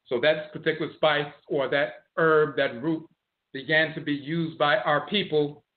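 A man giving a lecture on history and word origins, slowly explaining, repeating and spelling out terms. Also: on the high side, steady tone. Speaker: teacher of ancestral religion. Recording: tinny phone-like audio.

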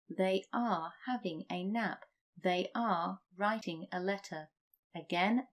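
Slow, deliberate woman teaching. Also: on the low side. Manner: reads example sentences slowly and deliberately. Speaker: English teacher. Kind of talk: slow scripted grammar lesson.

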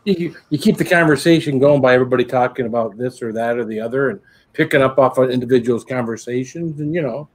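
Husky man rambling in casual chat. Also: medium pitch, fast talker, rough recording. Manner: rambling, run-on talk with repeated words.

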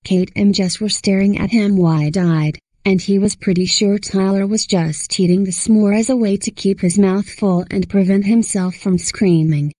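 A woman narrating a scripted horror story in a steady storyteller's reading. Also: medium pitch, normal speed, hardly any pauses, no echo, rough recording.

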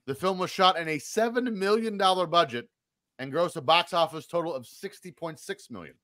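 A man's voice: on the high side, fairly quick, a bit bright, no room sound. Dry-voiced wisecracking man co-host. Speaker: podcast co-host. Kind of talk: casual chat reading movie facts.

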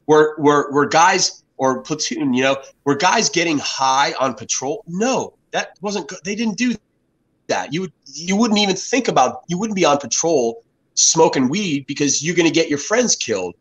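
A man's voice: fairly high pitch, lively intonation, moderate pace, fairly bright tone, poor audio. An American man in his fifties, a guest telling rambling stories in a casual interview, often restarting his sentences. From United States. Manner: rambling storyteller with frequent restarts.

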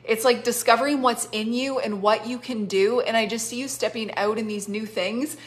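A woman's voice: on the high side, steady tone, normal speed. A woman with a cough giving spontaneous prophetic words to people over a live stream, effusive and chatty, laughing often and saying "like" a lot. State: has a cough, on cough syrup. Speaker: prophetic minister.

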